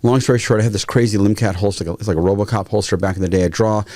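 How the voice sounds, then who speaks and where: Fast-talking man telling stories. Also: on the low side, no room sound. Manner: animated, acts out quotes. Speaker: guest, firearms trainer. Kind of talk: casual storytelling.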